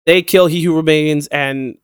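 A man's voice: a little high, fairly even intonation, clear, resonant tone, no echo, studio quality. A man in his thirties co-hosting a podcast, talking in casual chat and giving opinions bluntly with plenty of swearing. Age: 30s. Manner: fast, opinionated, heavy swearing. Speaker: podcast co-host.

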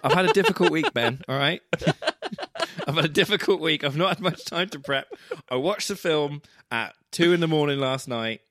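This film podcast co-host is very animated, his slightly high, fairly bright voice moving at a normal pace as he teases, rambles, and swears his way through his thoughts. The casual recording is dry and studio-clean.

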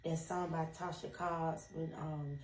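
A woman's voice: sits low, little pitch movement, a little slow. A woman co-hosting a casual faith chat, affirming and echoing her co-host's words. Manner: affirming, echoes her co-host. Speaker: podcast co-host. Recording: roomy sound from a distance.

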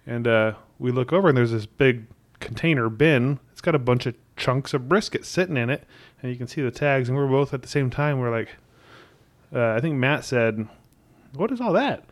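An excitable man with an everyday mid-range voice tells a story among friends. He gets worked up and quotes his own shouting as he goes. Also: mid-range voice, moderate pace. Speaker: barbecue team member. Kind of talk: casual storytelling chat.

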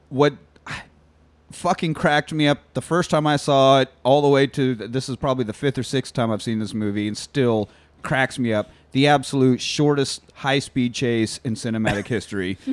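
A man hosting a podcast, chatting casually about a movie and acting out its lines as he retells the scenes. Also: medium pitch. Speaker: podcast host.

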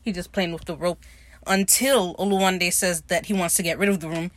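A woman's voice: lowish voice, steady tone, fairly quick, dry recording. Chatty woman with a dry, close sound. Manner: chatty, swears freely, laughs often. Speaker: podcast host recapping a TV episode. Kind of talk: casual, profane episode recap.

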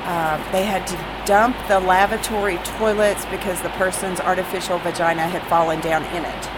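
A woman's voice: on the low side, steady tone, normal speed. A woman telling an anecdote in a casual, matter-of-fact way. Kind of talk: casual chat. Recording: loud street noise behind.

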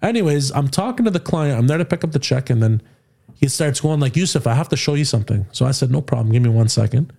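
Fast-talking man telling lively stories. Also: mid-range voice, creaky. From Canada. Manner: animated, slangy, tells stories with quoted dialogue. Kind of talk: casual storytelling chat.

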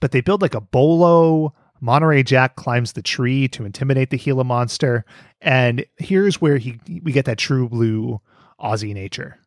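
A man hosting a casual podcast, telling a cartoon plot with lively storytelling and frequent laughter. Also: medium pitch, moderate pace, dry recording, studio quality. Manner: animated storytelling, laughs often. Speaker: podcast host. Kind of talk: casual cartoon recap chat.

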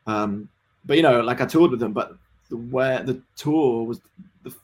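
A young man in his twenties, a band member guest in a casual podcast interview, rambling, excitable and swearing freely. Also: mid-range voice, normal speed, slightly rough. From United Kingdom. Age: 20s.

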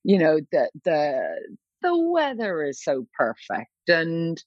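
A woman actress, a guest on an interview, chats in a lively, jokey way from home. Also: sits low, takes it slowly, no echo. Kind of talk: casual interview chat. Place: home in London. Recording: dry, dull lo-fi call audio.

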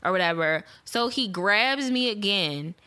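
A woman's voice: mid-range voice, unhurried, clear, resonant tone, no echo. A woman, telling a story in casual chat and acting out both sides with slang. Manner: animated, acts out both sides of her stories, profane slang.

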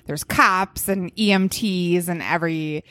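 A woman co-hosting a casual podcast, playful and quick to chime in with agreement. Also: lowish voice, bright, forceful tone, no room sound, studio quality. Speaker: podcast co-host.

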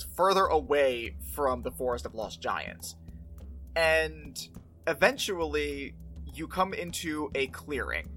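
Game master, dramatic paced narration, bright clear tone. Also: medium pitch. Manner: measured, dramatic narration with pauses.

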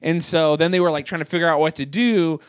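Fast-talking man in casual chat. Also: on the high side, steady tone, smooth, dry recording, clean studio sound. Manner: fast, rambling, crude, loose storytelling with many fillers.

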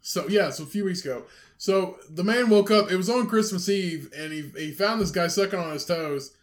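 High-voiced man, crude laughing podcast chat. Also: moderate pace. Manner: laughing, swearing, reading news aloud. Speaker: podcast co-host.

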